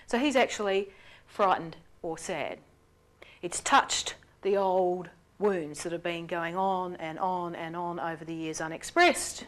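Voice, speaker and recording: A woman giving an explanatory lecture, speaking in an animated way with sudden jumps in pitch on key words. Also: moderate pace. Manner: acts out quoted lines in character.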